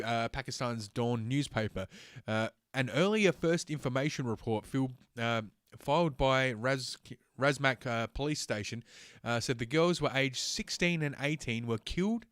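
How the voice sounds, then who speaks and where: A man's voice: mid-range voice, clean tone, no room sound, studio quality. A man hosting a solo livestream, ranting sarcastically with heavy swearing and stumbling as he reads text aloud. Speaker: host.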